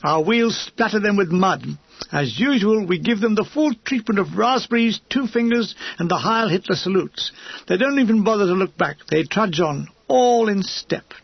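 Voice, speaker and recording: Husky, high-voiced male audiobook narrator. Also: lively intonation, moderate pace, no echo, muffled recording. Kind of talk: audiobook reading of a war memoir.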